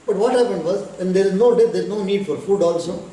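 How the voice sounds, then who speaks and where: A man, a spiritual teacher telling a devotional story in an unhurried way, with pauses and bits of chanting. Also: sits high, warm tone. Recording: echoey hall, distant mic, faint noise.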